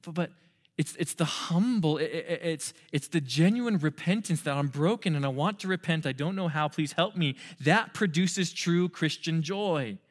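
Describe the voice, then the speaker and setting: Young male youth pastor, higher voice, urgent and conversational with playful asides. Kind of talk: sermon.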